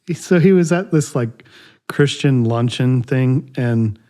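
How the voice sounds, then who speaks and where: Male podcast co-host, casual and halting, sets up clips in a plain mid voice. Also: mid-range voice, mellow. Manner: loose, halting, introduces clips. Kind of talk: casual political chat.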